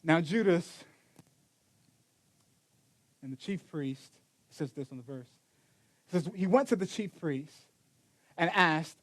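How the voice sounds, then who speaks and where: A man's voice: fairly high pitch, lively intonation, slow, pauses often, fairly bright tone. A man preaching a sermon in a casual storytelling way, acting out the quotes with many restarts. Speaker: pastor.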